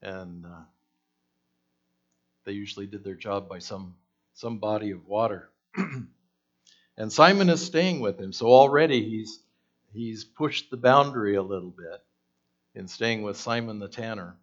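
Slow-talking man preaching a sermon. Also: on the low side, muffled recording. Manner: conversational, asks the listeners questions, acts out quoted voices.

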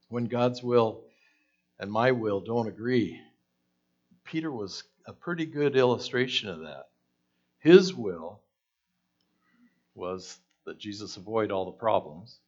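A man's voice: fairly low pitch, expressive, slow, long pauses, highs cut off. A man preaching a conversational sermon, asking the listeners questions and acting out the voices in the story.

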